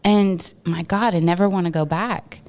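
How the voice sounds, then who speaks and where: A woman from Texas, a podcast guest, telling stories in an animated, casual way and laughing often. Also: fairly low pitch, moderate pace. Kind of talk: casual storytelling interview.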